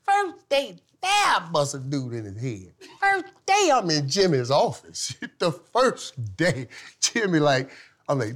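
A man telling stories as a guest, animated and laughing, swinging from loud outbursts to hushed tones. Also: mid-range voice, moderate pace. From from Saint Thomas. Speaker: guest, former football player. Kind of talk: casual storytelling.

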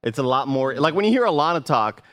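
A man's voice: a little high, very animated, fast, fairly bright tone, no echo, studio quality. A man hosting a casual gaming podcast, reading out super chats with jokes and playful asides. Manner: joking, does mock accents while reading.

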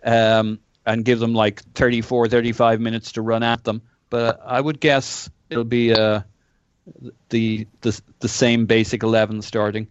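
Smooth-voiced man on a dull line. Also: mid-range voice, measured pace, no echo. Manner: relaxed, speculative, some stammering. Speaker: podcast guest. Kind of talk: casual chat.

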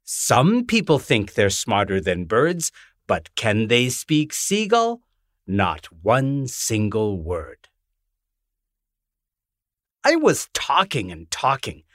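A man, the author, reading his rhyming children's book aloud in a gentle, lilting way. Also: medium pitch, no room sound, clean studio sound.

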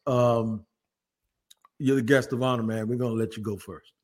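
A man hosting a casual sports podcast, talking in an animated, jokey, rambling way. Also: medium pitch, normal speed. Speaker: podcast host.

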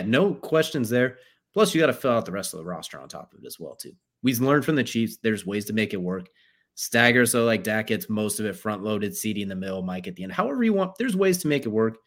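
A man's voice: mid-range voice, sing-song, fairly quick, a bit bright. A man co-hosting a sports podcast, reasoning aloud in a conversational way. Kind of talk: casual sports talk.

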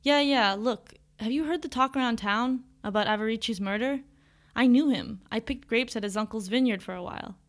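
A woman's voice: on the high side, a little fast, close to an everyday voice. A woman reading as a sneaky older brother. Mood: evasive. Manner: evasive, hushed, conspiratorial. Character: secretive scheming young man, an older brother. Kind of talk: audiobook character voice.

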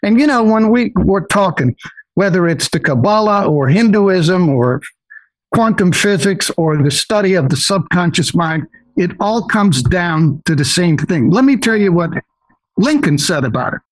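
Older man, high voice, dry close mic. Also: expressive, normal speed, no echo, rough recording. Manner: earnest, wise-sounding, fond of quoting sayings. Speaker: podcast guest, investor. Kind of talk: casual interview conversation.

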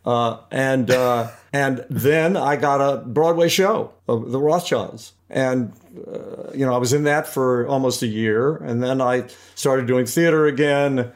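A man's voice: mid-range voice, measured pace, hardly any pauses. An older man, an actor guest in an interview, talking reflectively with many restarts and fillers. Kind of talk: conversational interview.

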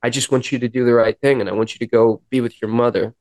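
A man guest on a podcast, earnestly telling a personal story and acting out dialogue, with halting restarts. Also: mid-range voice, steady tone, a little mellow, no room sound. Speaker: podcast guest, musician in recovery. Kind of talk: personal storytelling in a sit-down interview.

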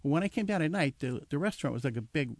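Older man telling a lively anecdote. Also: on the high side, racing, no echo. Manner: animated anecdote with acted quotes and chuckles. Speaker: guest telling his life story. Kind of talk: casual storytelling.

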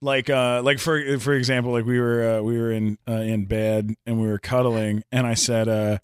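A man co-hosting a podcast, telling stories in an animated way full of fillers like "like" and "uh". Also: mid-range voice, normal speed, few pauses, clean tone, dry recording, studio quality. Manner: animated, filler-heavy storytelling. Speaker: podcast co-host. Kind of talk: casual podcast chat.

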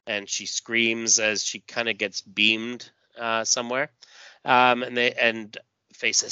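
A podcast host casually recaps a comic book story, reading it aloud and voicing the dialogue with lots of fillers. His medium-pitched voice is level, slow, sharp in tone, and smooth. The recording has no echo, and the high frequencies are cut off.

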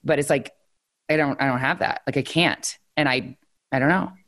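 A woman with a notably low voice hosts a casual podcast chat. She speaks candidly and emotionally, and often turns to doubting herself. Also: normal speed, fairly bright tone. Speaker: podcast host.

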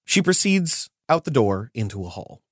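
Guy running a tabletop game, vivid descriptions, animated voice, dry close sound. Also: mid-range voice, normal speed, slightly rough, no echo. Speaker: game master.

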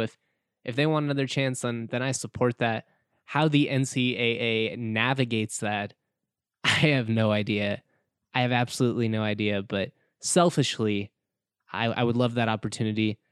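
Young man, casual sports-podcast host, chatty and joking, smooth voice, close dry mic. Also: medium pitch, dry recording. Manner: chatty, self-joking, laughs often. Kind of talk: casual solo podcast talk.

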